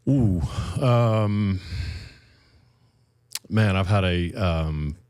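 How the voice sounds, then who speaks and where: A middle-aged man, a podcast co-host, telling relaxed, folksy stories in casual chat. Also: low voice, drawn-out words, clear, resonant tone, no echo, studio quality. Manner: relaxed storyteller, folksy and self-deprecating.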